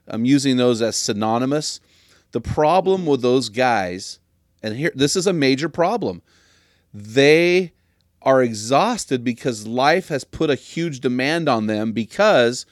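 A man's voice: mid-range voice, no echo, clean studio sound. A man hosting a podcast, speaking in an earnest, preachy and emphatic way. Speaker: podcast host. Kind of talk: casual podcast conversation.

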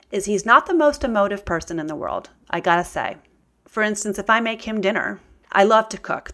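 A woman's voice: medium pitch, bright, forceful tone. A middle-aged woman speaking candidly to her audience about healing, earnest and confiding, with emphatic outbursts. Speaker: self-help speaker.

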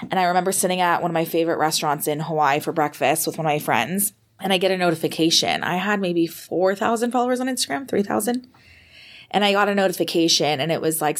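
A young American woman, a podcast guest, telling her story in a lively conversational way, full of "like" and acted-out moments. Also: sits low. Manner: animated, reenacts moments with fillers like "like".

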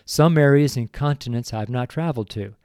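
Male preacher, earnest and emotional, deliberate delivery, warm mellow tone, dry close sound. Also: mid-range voice, no echo. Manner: earnest, emotional, tearful at times. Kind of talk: devotional sermon and prayer.

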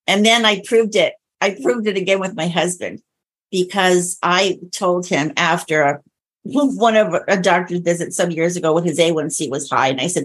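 A middle-aged woman, a nutrition coach, chatting as a guest on a podcast and telling stories with lively quoted dialogue. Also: fairly low pitch, normal speed, slightly rough. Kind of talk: casual podcast interview.

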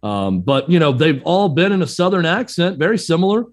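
A man's voice: a little high, big pitch swings, brisk. A man co-hosting a sports talk show, chatting and joking casually. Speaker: co-host.

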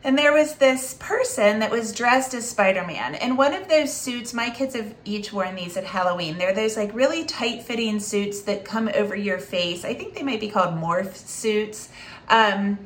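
A woman's voice: mid-range voice, moderate pace, a little hiss or hum. Chatty woman telling a story. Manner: chatty, frequent fillers and restarts; lively, acts out quoted speech. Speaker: special education advocate. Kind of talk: casual storytelling monologue.

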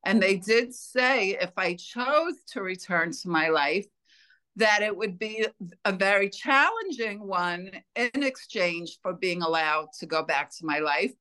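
A woman being interviewed, telling a personal story in an earnest, unhurried way. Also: medium pitch, expressive, sharp tone. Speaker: interview guest.

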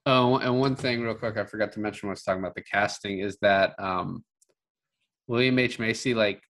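A man's voice: fairly low pitch, a little fast, a bit bright. A man co-hosting a podcast, chatting casually about a film in a rambling way full of filler words. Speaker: podcast co-host.

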